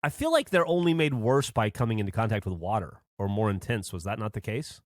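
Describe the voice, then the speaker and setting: A man's voice: on the low side, sing-song, fairly quick, no room sound, clean studio sound. A man co-hosting a podcast in casual chat, curious and asking follow-up questions. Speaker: podcast co-host.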